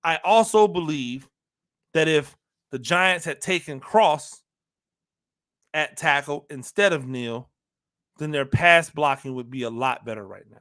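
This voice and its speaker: Male sports-talk host, high bright voice, emphatic, repeats lines for punch. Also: measured pace, long pauses, clean tone. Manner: talks to listeners directly, asks rhetorical questions. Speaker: football analyst host. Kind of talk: animated sports talk monologue.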